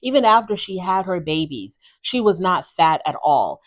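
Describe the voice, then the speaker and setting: A woman's voice: fairly low pitch, sing-song, moderate pace. A woman hosting a casual reality TV recap, blunt and gossipy in her opinions.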